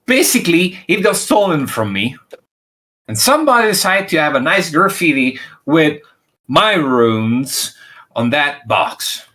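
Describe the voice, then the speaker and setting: Boastful man with a bright, lively voice. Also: on the high side. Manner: boastful and indignant, quick interjections. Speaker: virtual wrestler in a press conference. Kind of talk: in-character voice chat role-play.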